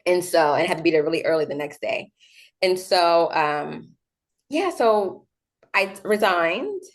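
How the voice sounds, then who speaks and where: A young woman speaks with a slightly low voice in a relaxed interview. She tells her story in a chatty, animated way, full of fillers, and acts out the other people in it. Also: unhurried. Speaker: guest.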